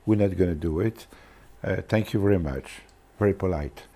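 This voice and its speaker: Deep husky Frenchman, halting speech. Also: warm tone. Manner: halting, restarts often. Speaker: former marketing man, interviewee. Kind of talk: interview recollection.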